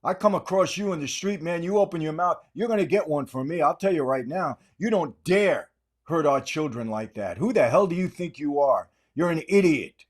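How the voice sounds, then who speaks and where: A man's voice: on the high side, animated, normal speed. An older American man hosting a podcast, delivering an angry, insulting political rant and repeating himself for emphasis. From United States. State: aggravated. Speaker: podcast host.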